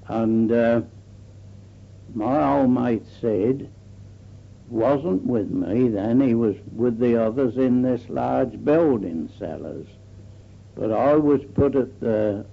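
A man's voice: medium pitch, vocal fry, narrow, tinny audio. An older man recalls his wartime days in a rambling oral-history manner, full of fillers and restarts. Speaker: war veteran recalling memories.

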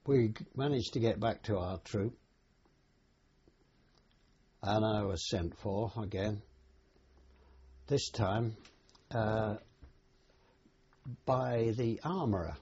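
Heard on a dull lo-fi recording with slight background noise, this older man speaks in a lowish, darkish voice. A war veteran, he looks back on his service through plain, unhurried oral-history storytelling full of hesitations.

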